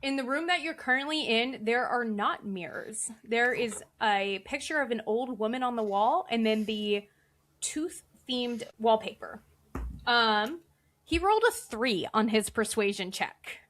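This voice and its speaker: A woman narrating as game master in a tabletop game, relaxed with lots of fillers. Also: a little high, unhurried, a little hiss or hum.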